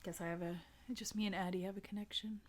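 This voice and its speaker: A woman's voice: mid-range voice, fairly even intonation, fast talker, a little hiss or hum. A woman co-hosting a podcast, casually recapping a book and acting out characters' lines as she goes. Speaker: podcast co-host.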